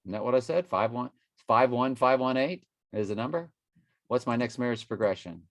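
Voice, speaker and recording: A man's voice: medium pitch, normal speed, no room sound. A middle-aged man, rambling through a prophecy monologue as an online preacher and jumping between numbers and scripture.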